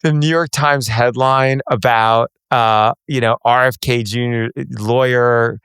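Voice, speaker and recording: A man's voice: medium pitch, fairly even intonation, measured pace, fairly bright tone, clear, resonant tone, no echo, studio quality. A middle-aged man hosting a casual interview podcast, conversational and wry. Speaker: podcast host.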